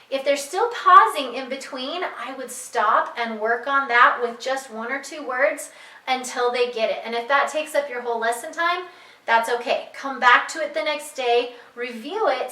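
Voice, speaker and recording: A woman's voice: high voice, bright, forceful tone, reverberant, distant mic, low-quality recording. A woman who teaches reading, explaining to parents how to guide their child, patient and repeating her key points. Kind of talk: instructional talk to parents.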